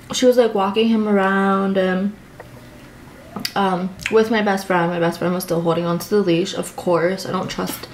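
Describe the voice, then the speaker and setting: A woman's voice: medium pitch, a little hiss or hum, rough recording. A young adult woman chatting casually for a food vlog, telling a rambling story full of fillers. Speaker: food vlogger. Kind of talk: casual eating vlog chat.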